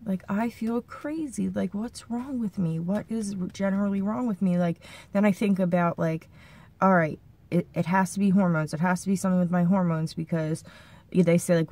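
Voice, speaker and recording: A woman's voice: lowish voice, a little mellow. A young woman talking anxiously and rambling in a personal vlog, sounding shaken and near tears. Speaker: vlogger.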